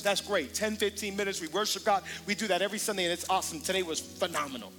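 A man's voice: high voice, fast, few pauses, soft background music. Man preacht met hoge stem. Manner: builds to impassioned shouting; conversational preaching with repeated words. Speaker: pastor. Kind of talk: sermon.

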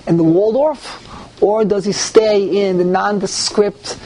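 Animated high-voiced man teaching Torah. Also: slow. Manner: animated, rising emphasis, mixes Hebrew terms. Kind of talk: lively Torah class with questions.

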